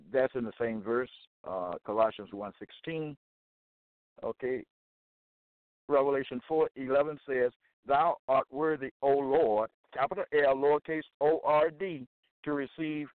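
A man delivering a deliberate scripture-reading monologue as a self-styled religious teacher, quoting verses and checking in with "okay?". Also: mid-range voice, dry recording. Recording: tinny phone-like dry recording.

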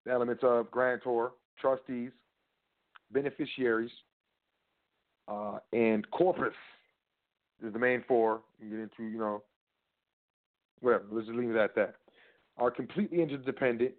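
A man's voice: medium pitch, fairly even intonation, moderate pace, long pauses. Man, casual rambling lecture, rhetorical questions, thin phone-quality audio. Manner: rambling, rhetorical, talks to the listener directly. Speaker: trust law educator.

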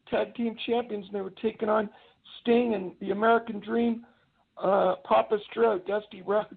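Gravelly man on a tinny phone line. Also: high-pitched. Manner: rambling storyteller, does wrestler impressions. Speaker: guest. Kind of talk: casual chat.

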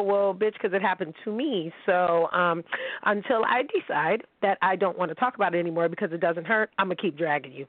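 A woman's voice: on the low side, fairly quick, no room sound. A woman hosting a call-in show, talking bluntly and animatedly, with a lot of swearing. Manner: blunt, profane, animated storytelling. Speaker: podcast host. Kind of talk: casual call-in chat. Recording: tinny phone-line sound.

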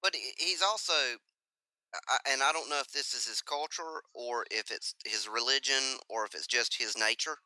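A man co-hosting a podcast cuts in with teasing comments. His voice is bright and sharp, recorded close with no room sound. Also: medium pitch, normal speed, no echo, poor audio. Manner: teasing interjections. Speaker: podcast co-host. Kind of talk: casual chat.

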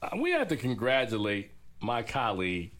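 A man co-hosting a film podcast in casual chat, an animated storyteller who laughs often. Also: medium pitch, moderate pace. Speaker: co-host and film critic.

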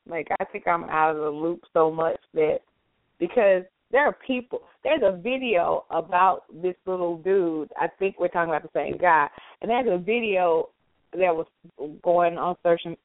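A woman's voice: fairly low pitch, no echo. A woman guest chatting casually, ranting about things that bother her with some self-mocking. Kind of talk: casual chat. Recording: tinny phone line.

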